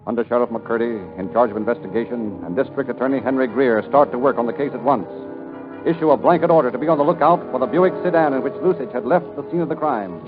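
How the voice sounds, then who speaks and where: A man narrates in a declamatory 1930s radio style. The sound is thin and tinny like an old broadcast, with music playing clearly under his voice. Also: mid-range voice.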